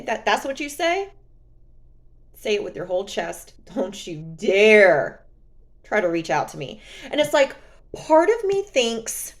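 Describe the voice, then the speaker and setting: A woman vlogger talking straight to camera in a sassy, indignant, emphatic way. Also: mid-range voice. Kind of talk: candid vlog monologue.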